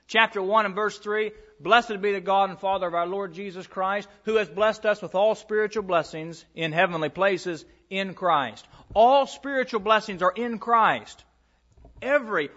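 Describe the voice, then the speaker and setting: A man's voice: high voice, a bit bright. Guy preaching a sermon, telling stories n reading verses, kinda muffled lo-fi sound. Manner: storytelling, reads scripture aloud.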